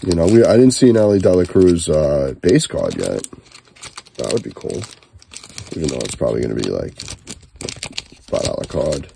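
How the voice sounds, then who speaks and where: A man's voice: very deep voice, big pitch swings, normal speed, vocal fry, pauses often, mellow, slight background noise. A middle-aged man chatting casually while opening card packs with his son, giving wry, grumbling running commentary. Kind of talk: casual chat.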